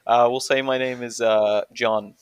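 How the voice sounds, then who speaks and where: A young Australian man with an Australian accent, chatting as a podcast guest in a loose, joking way and laughing often at his own lines. His voice sits at a middle pitch. It is recorded close and dry, with no room sound. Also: steady tone, measured pace, clear, resonant tone, no room sound. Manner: laughs often, jokey and self-mocking. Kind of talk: casual podcast chat.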